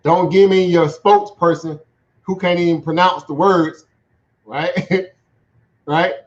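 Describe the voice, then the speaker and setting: A man's voice: high-pitched, steady tone, a little slow. A man giving casual livestream commentary on the markets in a chatty way, laughing often and checking in with "right?". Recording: dull lo-fi sound.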